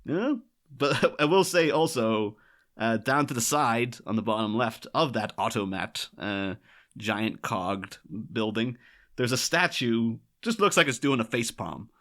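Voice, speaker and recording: A man's voice: medium pitch, expressive, unhurried, fairly bright tone. A man co-hosting a podcast in casual chat, rambling through asides and laughing often. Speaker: podcast co-host.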